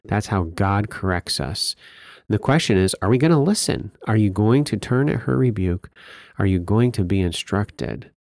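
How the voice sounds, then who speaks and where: A man with a lowish voice teaches from scripture on a podcast, asking rhetorical questions and quoting verses with emphasis. The sound is dry and close. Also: expressive, normal speed, darkish tone, no room sound.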